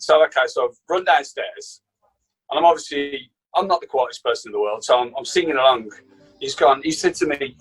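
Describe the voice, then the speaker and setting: Animated storytelling man, Birmingham accent, husky voice, raised pitch. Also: quick pace, low-quality recording. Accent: Birmingham English. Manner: animated anecdote teller, acts out quotes. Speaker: chef guest. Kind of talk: casual storytelling.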